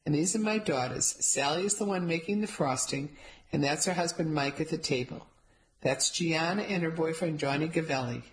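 A woman's voice: deep voice, normal speed, lightly acted. A woman voicing a proud, self-absorbed father who boasts and makes showy introductions.

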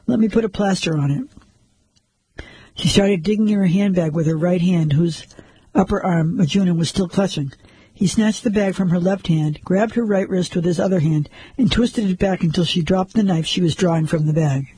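A man narrating a crime story in a steady, measured audiobook style. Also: high-pitched, husky, low-quality recording.

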